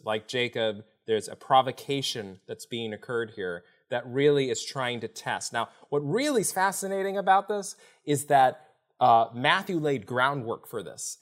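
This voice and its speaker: A man who is a podcast guest and author, explaining a Bible story in conversation and acting out the speakers he quotes. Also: mid-range voice. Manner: animated, acts out quoted speakers while explaining.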